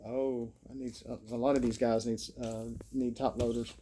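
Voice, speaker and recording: A man's voice: mid-range voice, level tone, moderate pace, mellow, slight background noise. A man with an Alabama Southern accent, rambling through a folksy, meandering vlog monologue. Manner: meandering, folksy, self-deprecating. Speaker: vlogger.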